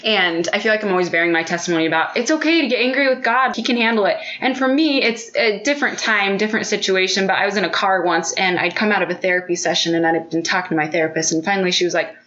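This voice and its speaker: A woman's voice: mid-range voice, fast talker, hardly any pauses, a bit bright, dull audio. A woman hosting a podcast, speaking openly and supportively in a candid conversation. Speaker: podcast host.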